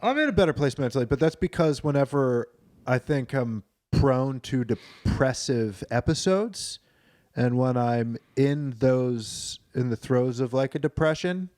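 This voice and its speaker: A man's voice: medium pitch, expressive, unhurried, darkish tone, dry recording, studio quality. A man co-hosting a podcast, chatting casually, rambling and swearing with the odd silly put-on voice. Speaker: podcast co-host.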